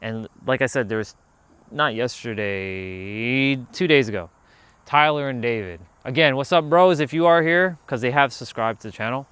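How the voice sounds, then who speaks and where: Man chatting on an outdoor livestream, smooth clear voice, dry close sound, rambling and animated. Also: medium pitch, moderate pace, dry recording. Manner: rambling, animated, calls out to passersby. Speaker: livestream host. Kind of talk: casual outdoor livestream chat. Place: outdoors near a park.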